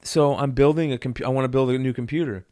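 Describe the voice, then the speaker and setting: A man's voice: mid-range voice, steady tone, fast talker, warm tone, smooth, no echo, clean studio sound. A man co-hosting a podcast, telling a rambling story with a lot of swearing and acting out the people he quotes. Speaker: podcast co-host. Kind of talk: casual chat.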